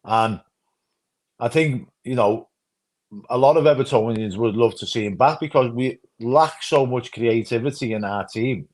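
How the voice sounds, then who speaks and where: A man's voice: mid-range voice, a little slow, a little mellow. A man co-hosting a fan channel's football chat, rambling and often asking "you know what I mean".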